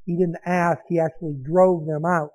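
A man with a notably high voice delivers a sermon, walking through a scripture passage. He talks in a conversational way, pausing for asides to his listeners. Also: little pitch movement, a little mellow, low-quality recording. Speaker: preacher.

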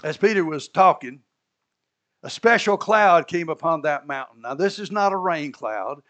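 A man's voice: on the high side, animated, moderate pace, a bit bright. A man preaching a sermon, telling the story with energy, acting out the characters' lines and laughing at his own asides. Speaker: pastor.

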